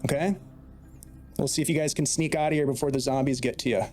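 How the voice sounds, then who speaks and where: A man's voice: medium pitch, fairly even intonation, fast talker, a little mellow, soft background music. A man narrating as dungeon master, steadily setting scenes and explaining the rules. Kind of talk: narrating a tabletop game.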